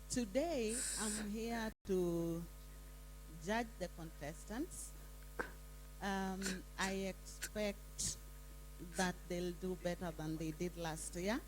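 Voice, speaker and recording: A soft-spoken woman introducing herself as a judge at a poetry event. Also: on the low side, a little hiss or hum, rough recording.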